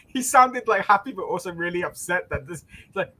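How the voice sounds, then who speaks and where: An English man in casual chat, telling stories lively and laughing often. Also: high-pitched, a little fast, hardly any pauses. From England. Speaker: show host.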